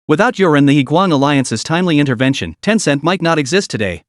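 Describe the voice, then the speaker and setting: A man's voice: on the high side, lively intonation, fast talker, no echo, studio quality, natural voice. A man voicing a solemn, earnest company founder. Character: solemn, grateful male tech founder.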